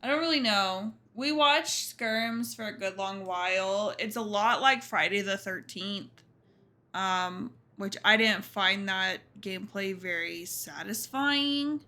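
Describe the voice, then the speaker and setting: A young adult woman streaming a game, chatting casually in a relaxed, drawling way. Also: mid-range voice, slow. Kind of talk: casual chat while gaming.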